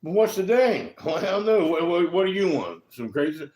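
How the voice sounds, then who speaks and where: Man, slightly high voice, swearing rambler who checks in with "right?" constantly, echoey room. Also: big pitch swings, normal speed, a little mellow. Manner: profane, keeps asking "right?". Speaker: vlogger. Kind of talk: casual rambling talk.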